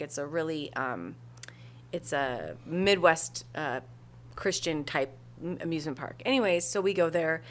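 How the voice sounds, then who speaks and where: A woman about to turn fifty, co-hosting a podcast, telling a story in easy casual chat and laughing readily. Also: lowish voice. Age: 40s. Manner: storytelling, laughs easily, trailing off. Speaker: podcast co-host.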